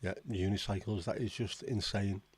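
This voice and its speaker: A man's voice: on the low side, fairly even intonation, moderate pace, slightly rough. A man hosting a casual livestream, reading out viewer comments and reacting with blunt, swearing disbelief. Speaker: livestream host.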